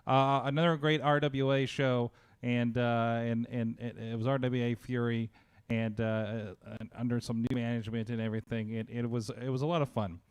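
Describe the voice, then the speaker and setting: A man's voice: mid-range voice, little pitch movement, moderate pace, smooth. A man hosting a casual wrestling talk show, chatty, with lots of fillers and restarts. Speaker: podcast host. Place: home studio. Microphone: close studio mic.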